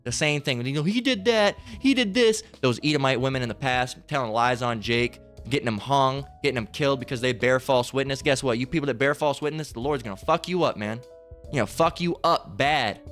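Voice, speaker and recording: A man's voice: medium pitch, a little fast, a bit bright, faint music behind. A man preaching a heated, profane sermon, ranting, repeating himself and firing off rhetorical questions between scripture readings.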